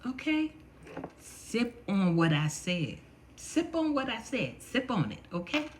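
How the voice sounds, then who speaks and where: A woman's voice: fairly high pitch, sing-song, very noisy. A middle-aged woman hosting a casual home vlog, chatty and affectionate, drawing out her stories as she talks straight to her viewers. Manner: chatty, affectionate, drawn-out storytelling. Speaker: vlog host.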